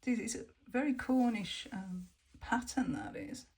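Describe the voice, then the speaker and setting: A woman, musing softly as she reviews cards, often half-whispering. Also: a little high, lively intonation, a little slow, slightly rough. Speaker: tarot deck reviewer. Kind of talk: casual unboxing commentary.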